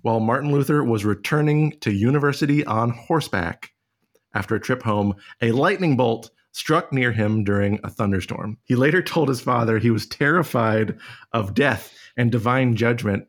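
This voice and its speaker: Excitable laughing trivia host, man. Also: medium pitch, normal speed. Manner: excitable, laughs often, rambling storyteller. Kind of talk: casual trivia banter.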